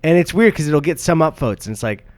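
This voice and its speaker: A man's voice: on the high side, animated, quick pace. A young man co-hosting a podcast in casual chat, rambling through stories with frequent laughs and swearing. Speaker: podcast co-host.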